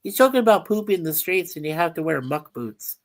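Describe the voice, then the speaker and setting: A woman's voice: on the low side, expressive, fairly quick. A woman hosting a casual livestream chat, rambling and reading viewer comments aloud. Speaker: livestream host.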